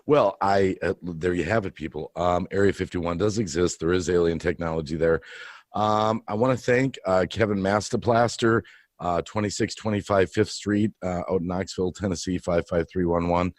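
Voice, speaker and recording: A man's voice: sits low, fairly even intonation, no room sound. Man streamer, mock interviewer, earnest and rambling, dry close sound. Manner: rambling, halting, asks absurd questions earnestly. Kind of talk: improvised comedy interview.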